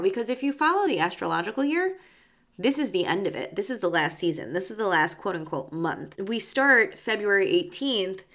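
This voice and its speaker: Here the host is a young psychic medium with a mid-range, fairly bright voice, casually chatting on her spiritual podcast in a bubbly manner loaded with fillers.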